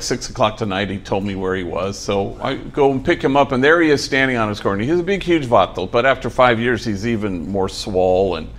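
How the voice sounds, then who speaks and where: In the program's building, the priest leading this program for ex-gang members addresses trainees with an uplifting story, full of dry, folksy humor and scraps of Spanish slang. He has a fairly low, slightly bright voice, with a little hiss or hum on the recording.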